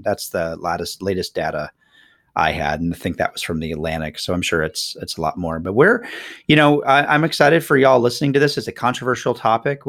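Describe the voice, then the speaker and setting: Man, podcast co-host, lowish voice, dry close sound, laughs as he talks. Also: no room sound. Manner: animated storyteller, laughs often. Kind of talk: casual chat.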